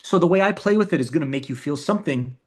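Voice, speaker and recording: Quick-paced and animated, this man has a fairly high, darkish voice. As a filmmaker guest in a casual interview about his own work, he often repeats words and restarts his sentences.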